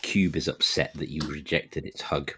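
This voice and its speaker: A man narrating as game master of a tabletop game, explaining the rules slowly with dry amusement. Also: rumbling low, fairly even intonation, fairly bright tone, slight background noise.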